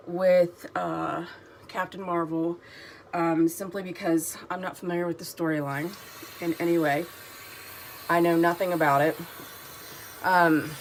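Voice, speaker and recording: A woman's voice: on the low side, fairly even intonation, a little slow, pauses often, slight background noise. A middle-aged woman vlogging at home, chatting in a rambling, digressive way with many ums and an emotional, enthusiastic manner while doing her skincare routine. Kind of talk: casual chatty review during a skincare routine.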